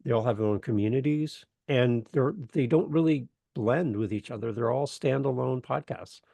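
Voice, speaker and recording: A man's voice: medium pitch, normal speed, gravelly, no echo. A man from Canada, a guest on a podcast, chatting casually and telling stories with jokes. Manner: joking, animated storyteller. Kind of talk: casual interview chat.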